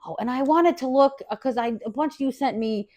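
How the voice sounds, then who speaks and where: A woman hosting a podcast, telling a wild story in a casual, profane rant, swinging from loud and laughing to low, quiet asides. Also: brisk. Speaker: podcast host.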